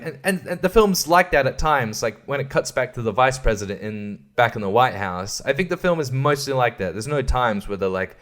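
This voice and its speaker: A man's voice: medium pitch, animated, moderate pace, few pauses, fairly bright tone. Rambling, profane man talking about films. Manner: rambling, profane and joking, with frequent restarts. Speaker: podcast host. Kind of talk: casual film-review chat.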